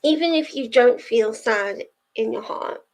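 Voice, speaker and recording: Slow-talking chatty young woman streamer. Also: a little high, darkish tone. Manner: chatty, rambling, answers chat messages. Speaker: livestream host of reading sprints. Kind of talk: casual chat with live viewers.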